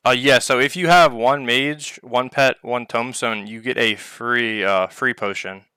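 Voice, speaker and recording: A man's voice: medium pitch, fairly even intonation, a little slow, pushed and bright, clean tone, no room sound, clean studio sound. A man hosting a casual live Q&A over online voice chat, rambling with lots of filler words. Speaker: project owner hosting a community Q&A. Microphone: online voice chat mic.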